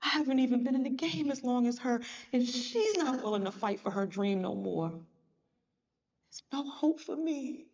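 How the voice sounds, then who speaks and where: A woman's voice: a little high, animated, brisk, hardly any pauses, a little mellow, lo-fi sound. A woman speaker acting out a discouraged, self-doubting woman giving up on her dream, in a defeated voice. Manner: defeated, trailing off into a whisper.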